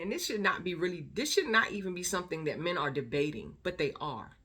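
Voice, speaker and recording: A woman's voice: medium pitch, sharp tone. A woman vlogger in casual commentary, talking emphatically and repeating words for stress.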